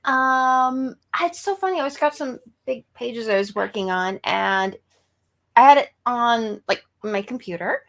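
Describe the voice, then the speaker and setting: A woman guest artist in a casual chat, chatty and giggly, telling her story in an animated way. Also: fairly high pitch, measured pace, gravelly.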